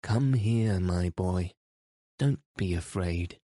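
A gentle, kindly old grandmother speaks earnestly in an audiobook, voiced by a man reading in his own deep voice. The delivery is slow and unhurried. The sound is close and dry. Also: no room sound. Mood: coaxing. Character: kind gentle elderly grandmother.

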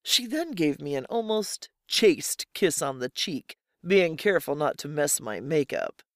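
A narrator reading a first-person story in a steady, measured way. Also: medium pitch, no room sound, studio quality. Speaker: audiobook narrator.

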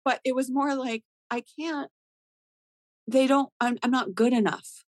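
A woman in her thirties, a rapper guest telling a story in a casual interview, animated and swearing often as she acts out what people said. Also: sits high, moderate pace, dry recording, poor audio. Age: 30s.

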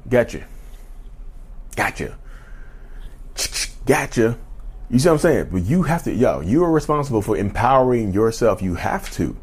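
A man's voice: lowish voice, darkish tone. A man in his thirties from North Carolina with a Southern drawl, ranting emphatically and bluntly to his viewers, with profanity and lots of y'all. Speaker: YouTube channel host. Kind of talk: unscripted rant to camera.

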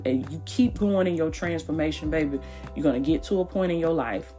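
A woman hosting a devotional podcast, preaching in a hushed, half-whispered voice from a small closet, repeating phrases and calling listeners "baby.". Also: deep voice. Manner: repetitive, calls listeners "baby" and "y'all". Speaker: podcast host.

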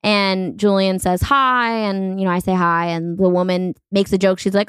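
A woman in her thirties hosting a podcast, talking in a blunt, profane, quick-joking way. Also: mid-range voice, fairly even intonation, a bit bright, clean tone, no room sound. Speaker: podcast host. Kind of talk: casual podcast chat.

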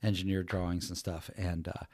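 A man co-hosting a podcast, telling a work story in a casual, animated way and acting out the people in it. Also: low voice, moderate pace, dry recording, studio quality. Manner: animated storyteller, acts out quoted voices. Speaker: podcast co-host.

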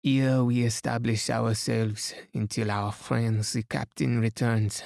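A man's voice: medium pitch, level tone, slow, vocal fry, darkish tone, no room sound, studio quality. A man voicing a fussy middle-aged Belgian detective who speaks precisely and slips in French phrases, read as a bedtime story.

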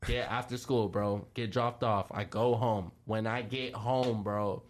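A man's voice: lowish voice, steady tone, measured pace, slight background noise. A young man co-hosting a casual podcast, telling a story in heavy slang and acting out the voices. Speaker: podcast co-host.

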